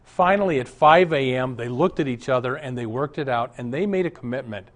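A man's voice: medium pitch, lively intonation, brisk. Earnest storytelling male pastor. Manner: earnest, storytelling, chuckles often. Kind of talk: sermon and Bible Q&A.

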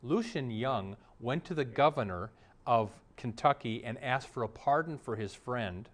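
A man's voice: mid-range voice, expressive, unhurried. Storytelling male pastor preaching. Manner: storytelling preacher, acts out quoted voices. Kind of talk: sermon.

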